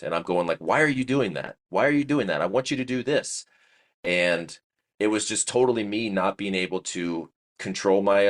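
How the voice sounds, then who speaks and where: Man in his 40s, pt teacher, really low voice, earnest and thoughtful. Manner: earnest, reflective storytelling. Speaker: physical therapy educator. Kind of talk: casual conversation.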